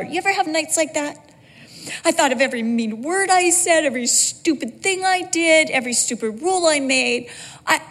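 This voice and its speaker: High-voiced woman preaching in a hall. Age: middle-aged. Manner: emotional storytelling, voice rising and cracking. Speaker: speaker. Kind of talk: sermon-style testimony. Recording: long hall reverb.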